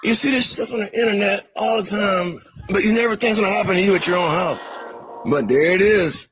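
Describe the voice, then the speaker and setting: A man's voice: high voice, brisk, a bit bright, breathy edge, soft background music, low-quality recording. A young man outdoors outside his house, exasperated and laughing in disbelief as he films a confrontation.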